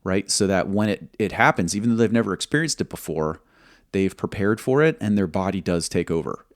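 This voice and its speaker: A former military pilot recounts a combat story in an interview, speaking in a measured, halting way and acting out the dialogue he quotes. His voice is deep with lively intonation, and the recording is studio quality with no echo.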